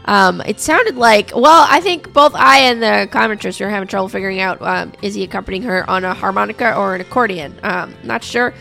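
A woman hosting a radio show, chatting casually and rambling with lots of fillers and restarts, a little hoarse from coughing. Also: medium pitch, a little fast, few pauses, pushed and bright, faint music behind.

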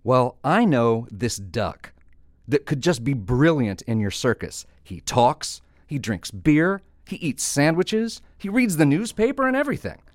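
On a radio joke, a man voices an eager, chatty male bartender, lightly acted and pitched above his own natural voice. His medium-pitched delivery is very animated at a moderate pace, and the recording is dry with clean studio sound.

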